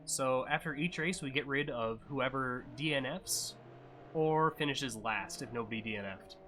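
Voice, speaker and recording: A man casually commentating a live-streamed racing game, chatty and offhand with sudden excited yelps at crashes. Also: medium pitch, normal speed, slight background noise.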